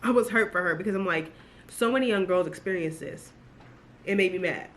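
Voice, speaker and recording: A woman giving a casual, animated book review, gushing and full of asides as she talks to her viewers. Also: on the low side, a little fast.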